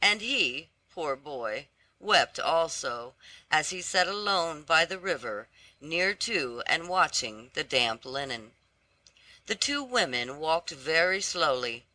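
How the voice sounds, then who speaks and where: A storybook narrator reads slowly, the pitch rising and falling with lively expression. The tone is bright and crisp, and the recording is dry and close. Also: dry recording. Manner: slow, lively, storybook delivery. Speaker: audiobook narrator. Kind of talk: scripted narration of a fairy tale.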